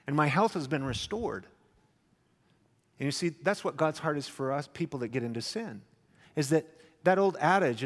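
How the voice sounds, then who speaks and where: Animated preacher in a reverberant hall. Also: male voice, fairly high pitch. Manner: animated storyteller, acts out voices. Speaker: pastor. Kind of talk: sermon with personal stories.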